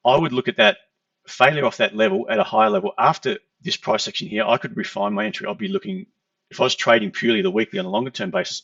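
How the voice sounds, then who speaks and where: Gravelly man explaining charts. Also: high voice, a bit bright, no echo. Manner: explanatory, conversational, repeats "okay". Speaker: trading educator. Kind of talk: chart walkthrough lesson. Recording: dull lo-fi, distant from mic.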